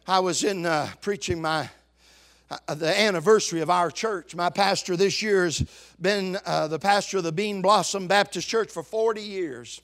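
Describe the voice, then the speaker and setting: High-voiced fervent male preacher. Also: normal speed. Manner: building to fervent shouting preaching. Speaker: pastor. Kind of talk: sermon.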